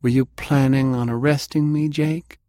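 A man's voice: medium pitch, steady tone, moderate pace, mellow, no echo, studio quality, pitched above the performer's own voice, natural voice. A man voicing a tough, mocking woman fighter in an audiobook. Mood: taunting. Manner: mocking and cocky. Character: tough, brash superstrong woman brawler.

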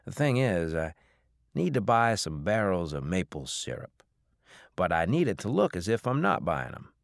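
A man playing an evasive, brisk family man. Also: low voice, big pitch swings, gravelly, no echo, studio quality, full character voice.

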